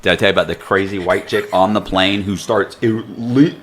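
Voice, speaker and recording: A man's voice: low voice, fairly even intonation, brisk, fairly bright tone, a little hiss or hum. A middle-aged man, a podcast guest, telling a story in casual chat, acting out quotes and laughing often.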